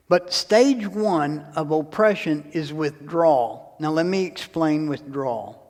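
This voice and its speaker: A man's voice: on the high side, a little mellow. A man giving a parish mission talk in a church, folksy and acting out little everyday scenes as he explains. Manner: folksy, acts out little scenes in different voices. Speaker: lay speaker at parish mission. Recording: long hall reverb.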